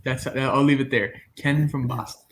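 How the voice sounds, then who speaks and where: A man in his twenties, co-hosting a podcast, telling a story in animated casual chat and acting out the people in it. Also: mid-range voice, normal speed, roomy sound. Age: 20s. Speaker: podcast co-host.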